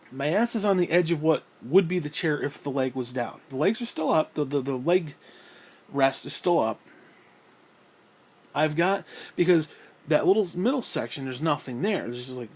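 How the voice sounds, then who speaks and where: A man's voice: a little high, breathy edge. A man telling a rambling story at home in a casual vlog, swearing freely and sighing often. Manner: profane, rambling, frequent sighs. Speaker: vlogger. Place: at home, indoors.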